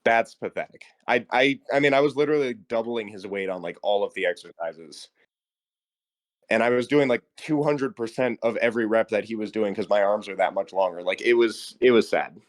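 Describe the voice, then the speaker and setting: Young man telling a story with animated energy. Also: lowish voice, fairly quick, no room sound. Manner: animated, laughing, full of "like" fillers. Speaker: podcast co-host. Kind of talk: casual storytelling chat.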